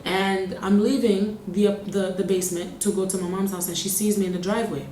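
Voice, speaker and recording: A woman's voice: mid-range voice, steady tone, fairly quick, warm tone. A young adult woman vlogger telling a personal story casually, bluntly and with emphasis, often swearing. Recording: echoey room, faint background hum.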